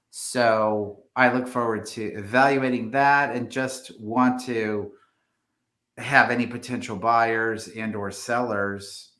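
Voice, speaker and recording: A man's voice: on the low side, bright, forceful tone, echoey room. A man, a real estate agent, talking through the housing market on a live stream, hesitant with many fillers and restarts.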